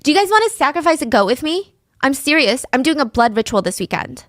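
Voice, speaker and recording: A woman doing a loud, quick-talking teenage girl. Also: very animated, dry recording, studio quality. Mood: gleeful. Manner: fast, loud and high.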